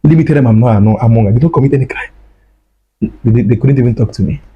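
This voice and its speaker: A man's voice: mid-range voice, rapid-fire, breathy edge, muffled recording. A man, telling a personal story in an emotional way, repeating his phrases. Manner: repeats phrases, acts out dialogue. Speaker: guest recounting his ordeal.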